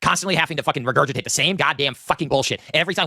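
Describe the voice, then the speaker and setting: Profane, fast-ranting man in his thirties. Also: fairly high pitch, gravelly, bright, forceful tone, no room sound, studio quality. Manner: profane, exasperated, self-pitying ranting. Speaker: online video maker. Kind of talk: ranting vlog monologue.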